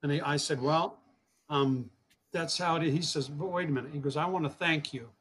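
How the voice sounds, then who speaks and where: A man with a slightly raised pitch tells a long personal story in an interview. He speaks earnestly, doubling back on his words and acting out the voices of the people in it. A faint ambient hum sits under the recording. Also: fairly quick, fairly bright tone. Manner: earnest, repeats words, acts out quoted dialogue. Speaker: guest, fishing program founder.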